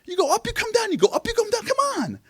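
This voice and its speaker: A man playing a blunt old rabbi mentor who talks in a high, animated, shouting voice. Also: quick pace, dry recording, studio quality, exaggerated voice. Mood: brisk.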